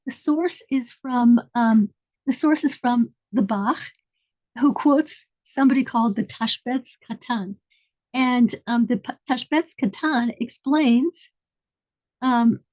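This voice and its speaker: A woman's voice: on the high side, animated, unhurried, darkish tone, poor audio. A woman telling an inspirational story in a conversational lesson, meandering as she searches for details.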